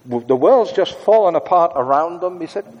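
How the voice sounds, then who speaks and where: A man preaching a sermon in a conversational way, moving between brisk asides and hushed, prayerful tones. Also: on the high side, animated, big-room sound, muffled recording.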